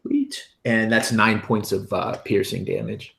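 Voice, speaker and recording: A man's voice: lowish voice, steady tone, measured pace, gravelly, a bit bright. Hesitant male tabletop player. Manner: hesitant, thinking aloud. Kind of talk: describing actions in a tabletop game.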